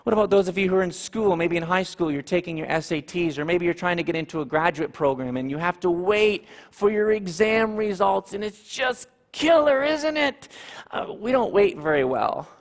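A man preaching a sermon, animated, with dramatic pauses and repeated phrases. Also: high-pitched, in a large hall. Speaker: pastor.

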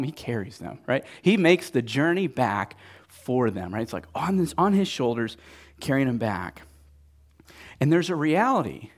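A man preaching a sermon in a casual, conversational way, often checking in with the listeners by asking "right?". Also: fairly high pitch. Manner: lively, animated delivery. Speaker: pastor.

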